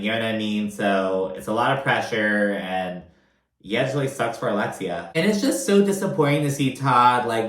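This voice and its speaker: A man's voice: lowish voice, a bit bright. Chatty profane man in a roomy space. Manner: chatty, profane, filler-heavy. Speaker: reality TV recap host. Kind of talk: casual commentary. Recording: roomy echo.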